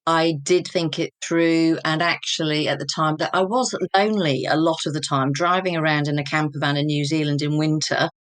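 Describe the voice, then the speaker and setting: In a candid interview, a woman from England in her fifties reflects openly on her own life. She speaks in a low, steady voice at normal speed with few pauses, with no room sound on the recording.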